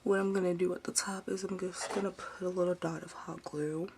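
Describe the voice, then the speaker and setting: Heavy noise surrounds this DIY vlogger, a young woman from the United States whose Baltimore accent carries a Southern drawl. Her slightly low voice moves a little fast with fairly flat intonation as she chats through a home craft tutorial, wanders off on tangents, and throws in "y'all."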